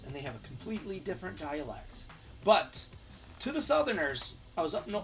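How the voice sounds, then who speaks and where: A man's voice: on the high side, fairly bright tone, recorded from a distance. A man from Michigan chatting casually as he sorts and counts hockey cards aloud for his channel. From Michigan, United States. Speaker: hockey card collector, channel host. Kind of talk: casual card-sorting commentary.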